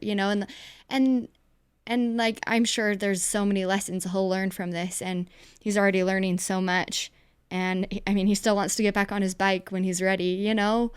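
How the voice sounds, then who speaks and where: A young woman talks earnestly in a relaxed podcast conversation, rambling a bit and sounding heartfelt. Her voice is smooth and resonant. The recording is dry, with no room sound. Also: mid-range voice, dry recording. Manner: earnest, rambling, emotional at times. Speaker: podcast co-host. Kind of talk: casual podcast chat.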